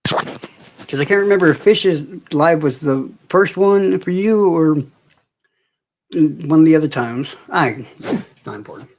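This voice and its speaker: A man's voice: a little high, expressive, unhurried, pauses often. A man hosting a casual livestream, ranting in heavy profanity and answering viewers' comments directly. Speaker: livestream host.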